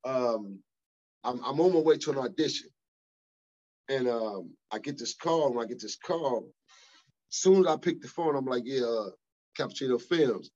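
A man's voice: medium pitch, moderate pace, pauses often, dull audio. Emphatic, profane man telling stories. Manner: profane, emphatic, animated storytelling. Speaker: guest. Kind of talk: casual storytelling interview.

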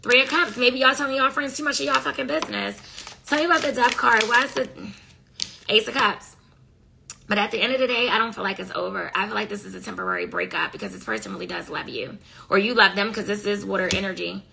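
A woman's voice: medium pitch, fast, vocal fry, bright, forceful tone, a little hiss or hum. A woman doing a casual tarot reading, talking bluntly in profane slang and scolding her listeners. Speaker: tarot reader.

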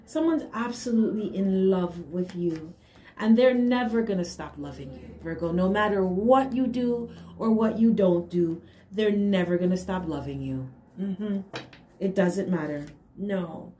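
Mellow and mid-range, this tarot reader's voice moves at a measured pace. Addressing viewers directly in a casual reading, she speaks with emphasis and drops small laughs and affirming hums between her points, recorded in an echoey room with a faint hiss.

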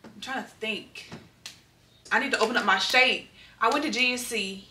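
A woman's voice: fairly high pitch, normal speed, background noise. A young woman, vlogging from home in a chatty, candid way and talking straight to her viewers. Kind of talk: casual vlog chat. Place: at home, roomy indoor space. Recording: echoey room, distant mic.

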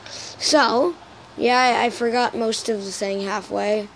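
A woman's voice: fairly high pitch, steady tone, takes it slowly, vocal fry, slight background noise, poor audio. A young woman vlogging casually, rambling and joking at her own expense. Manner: rambling, self-deprecating, swears casually. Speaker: YouTuber. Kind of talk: casual vlog chat.

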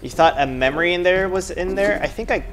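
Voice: medium pitch, fast talker. A game streamer giving casual let's-play commentary, chatting and muttering asides to themself and the viewers. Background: game music.

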